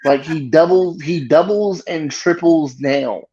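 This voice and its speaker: A man, a guest comedian, telling a story in casual chat with lively, freely swearing delivery. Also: on the high side, slow, dull audio. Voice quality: animated retelling, swearing freely.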